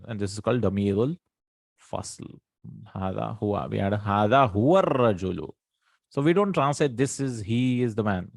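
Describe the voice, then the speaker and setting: A man with a fairly low voice explains grammar step by step, repeating each term and humming between points. The sound is dry and close, with no room around it. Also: vocal fry, a little mellow, no echo. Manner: patient, repeats terms, frequent hums. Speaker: Arabic teacher.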